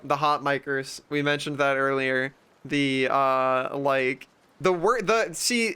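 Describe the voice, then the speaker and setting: A man's voice: mid-range voice, sharp tone, smooth. A young man streaming, chatting casually in a rambling, sarcastic way and swearing often. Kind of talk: casual chat.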